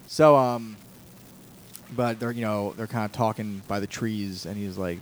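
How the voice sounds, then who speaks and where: Male podcast co-host, low voice, loose and joking, home recording with faint noise. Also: steady tone, brisk, rough recording. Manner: laid-back, rambling, joking. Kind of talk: casual podcast chat. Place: dining room at home.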